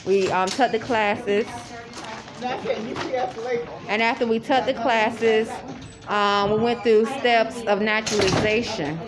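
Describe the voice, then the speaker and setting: A woman's voice: a little high, steady tone, takes it slowly, long pauses. A woman talking casually to the camera in a rambling, repetitive way, with many restarts. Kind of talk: casual spoken monologue. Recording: loud crowd chatter behind.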